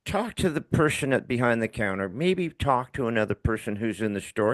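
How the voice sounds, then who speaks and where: A man's voice: medium pitch, sing-song, brisk, hardly any pauses, no room sound. An older man hosting a podcast, chatting casually and acting out little scenes with the odd swear word. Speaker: podcast host.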